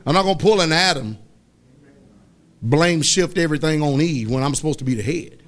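A man's voice: fairly high pitch, fairly quick. Preaching man with a drawl. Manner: preaching, swinging from loud exhortation to soft asides. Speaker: pastor. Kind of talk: sermon. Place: church.

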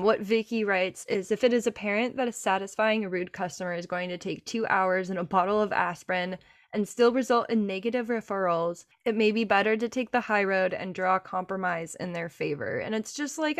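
A woman hosting a casual chat, reading a passage aloud and asking her guest questions. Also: medium pitch. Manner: casual, quotes text aloud, laughs along. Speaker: host.

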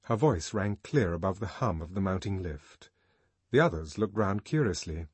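A man reading a novel aloud as audiobook narrator, in an expressive, varied manner. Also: low voice, moderate pace, breathy edge, no echo.

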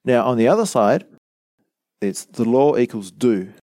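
A man's voice: mid-range voice, lively intonation, a little slow, mellow, dry recording, clean studio sound. A man giving a teaching sermon, earnest and emphatic, who explains with rhetorical questions and repeated lines. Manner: rhetorical questions, acts out quoted voices. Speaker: preacher.

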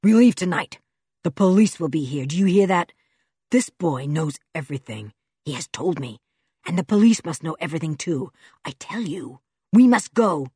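A woman's voice: deep voice, lively intonation, moderate pace, mellow, breathy edge, no echo, clean studio sound, exaggerated voice. A woman voicing a cruel, mad, red-bearded male villain who snarls orders in an audiobook. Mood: commanding. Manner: snarling, commanding.

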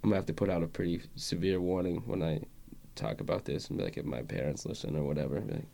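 A man's voice: low-pitched, fast talker, gravelly, mellow. A man chatting casually as a podcast guest, laid-back and swearing and laughing a lot. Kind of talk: casual chat.

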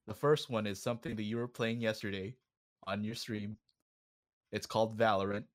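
A man's voice: lowish voice, steady tone, normal speed. A man co-hosting a podcast in casual chat, laid-back and affirming, setting up a game segment. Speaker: podcast co-host.

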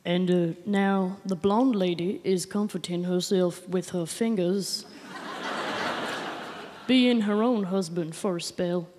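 A woman putting on the voice of an old male southern farmer, narrating in a slow drawl with a Southern American accent. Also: fairly low pitch, steady tone, voice pushed down. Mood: folksy. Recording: echoey hall with loud noise.

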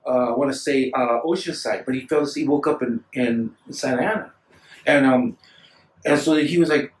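A man telling stories in casual chat, rambling and animated, acting out the voices of people he quotes. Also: on the high side, normal speed. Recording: echoey room, distant mic.

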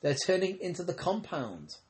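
A man voicing an earnest, gentle grown woman in a storybook reading. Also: high voice, very animated, moderate pace, voice pushed up.

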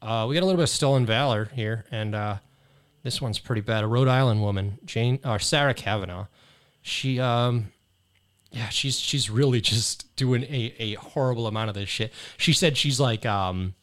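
A young man hosting a casual podcast chat, telling stories in a profane, rambling way. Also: medium pitch. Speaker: podcast host.

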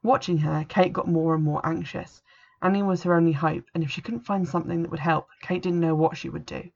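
A woman's voice: on the low side, brisk, vocal fry, a little mellow. A woman reviewing a book and reading an extract aloud in a plain, matter-of-fact way. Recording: dull lo-fi recording.

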